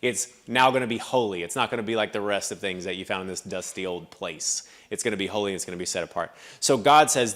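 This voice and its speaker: A pastor preaches in a church in a conversational teaching style, with frequent asides and moments of thinking aloud. His lowish, fairly bright voice moves fast with few pauses.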